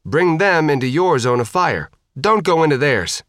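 A man voicing a tough, brash thirteen-year-old girl fighter who shouts and swears. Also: on the high side, expressive, moderate pace, no room sound, clean studio sound, pitched above the performer's own voice. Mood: commanding.

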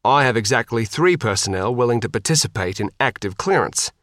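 A man voicing a calm, grave male commander who speaks in a measured, formal way. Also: medium pitch, no room sound, clean studio sound, close to an everyday voice.

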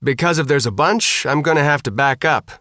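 A man voicing a tough, brash thirteen-year-old girl fighter who shouts and swears. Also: a little high, a little fast, dry recording, clean studio sound, pitched above the performer's own voice. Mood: commanding.

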